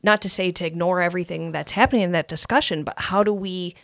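A woman who does marketing for a theatre, speaking in a measured, reflective way in a casual interview. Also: lowish voice, fairly even intonation, vocal fry, no room sound, studio quality.

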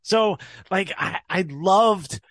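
A man's voice: high voice, takes it slowly, a bit bright, no echo, studio quality. A man co-hosting a podcast in casual, easygoing chat with many fillers. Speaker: podcast co-host.

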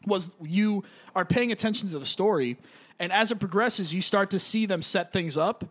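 A man's voice: high-pitched, normal speed, a bit bright. A young man chatting casually and rambling, with lots of filler words and swearing. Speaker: gamer describing a game. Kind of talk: casual chat.

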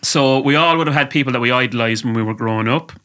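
A man's voice: mid-range voice, quick pace, fairly bright tone. A man from Ireland hosting a casual podcast, leading the talk and teasing his co-host.

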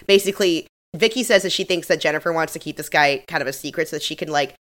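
A woman's voice: sits low, fast. A woman co-hosting a podcast, recapping a TV episode in casual chat and acting out quotes. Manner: animated retelling with acted-out quotes. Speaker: podcast co-host.

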